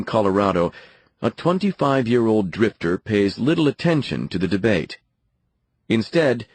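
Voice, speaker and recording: A low-voiced male narrator reads a scripted nonfiction audiobook story in a measured, dramatic manner. The recording is dry and close, with no room sound.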